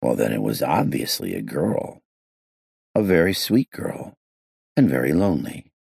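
A man reading a novel aloud as a steady, lively narrator. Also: extremely low pitch, unhurried, creaky, husky, no echo, studio quality. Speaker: audiobook narrator. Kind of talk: scripted narration.

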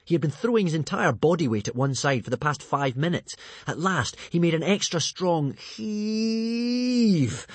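A man narrating a children's storybook aloud in an expressive, lively way. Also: on the high side, breathy edge, dry recording. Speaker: audiobook reader.

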